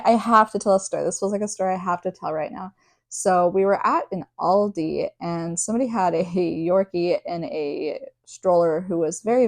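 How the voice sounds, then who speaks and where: A young woman with a somewhat low voice talks casually to the camera. She is candid and chatty, full of fillers and side remarks as she speaks to her viewers. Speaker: vlogger and service dog handler.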